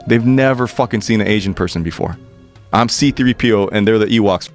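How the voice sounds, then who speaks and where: A man telling a personal story in an animated, excitable way, swearing freely and restarting his sentences. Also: lowish voice, fairly quick, soft background music. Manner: profane, excitable, stammering restarts.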